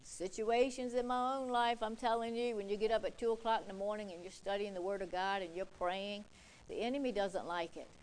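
A woman's voice: mid-range voice, fairly even intonation, fairly quick, darkish tone, slight background noise, low-quality recording. Emphatic woman preacher. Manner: emphatic, repetitive, quotes scripture. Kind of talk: sermon.

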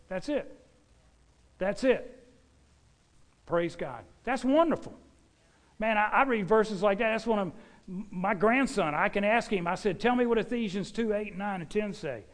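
Folksy older preacher man. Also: high voice. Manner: folksy, animated preaching with asides to the congregation. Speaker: pastor. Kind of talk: sermon.

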